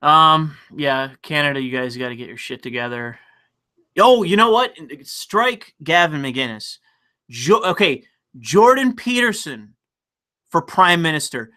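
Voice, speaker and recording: Man, livestream host, excitable profane rant, bright tense tone. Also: fairly high pitch, a little slow. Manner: profane, excitable, reads chat donations aloud.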